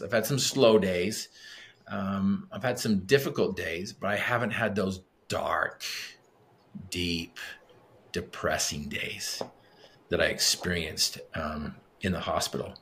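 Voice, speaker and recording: A man's voice: low-pitched, fairly bright tone. A middle-aged man, a podcast guest, telling a personal story in a conversational way and acting out the dialogue. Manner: vivid storyteller who acts out quoted dialogue.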